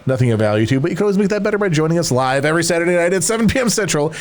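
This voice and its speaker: A man's voice: a little high, expressive, racing, a little hiss or hum. A man co-hosting a podcast in casual, rambling and playful chat. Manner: rambling, playful, doing voices. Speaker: podcast co-host.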